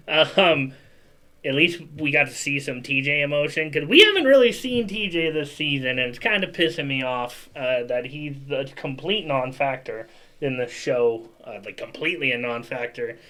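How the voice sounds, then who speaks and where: A man's voice: fairly high pitch, expressive, normal speed, bright, forceful tone, rough recording. A man hosting a casual podcast, running the segments and handing turns to his co-hosts. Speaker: podcast host.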